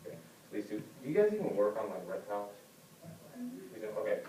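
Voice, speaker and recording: A man giving an informal speech to his class, talking conversationally and acting out the people he quotes with sudden high-pitched voices. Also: sing-song, quick pace, warm tone, a little hiss or hum. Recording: roomy classroom heard from a distant camera.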